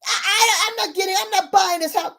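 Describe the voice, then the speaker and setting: A woman's voice: very high-pitched, brisk, vocal fry, pushed and bright, pitched above the performer's own voice, full character voice. A woman voicing an indignant, dapper male property buyer who sputters in outrage. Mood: outraged.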